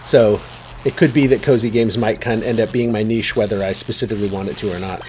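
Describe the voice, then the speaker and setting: A man's voice: fairly low pitch, steady tone, fast, darkish tone, a little hiss or hum. Chatty man streaming a game. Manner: rambling, chatty, many fillers and restarts. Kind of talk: casual game stream chat.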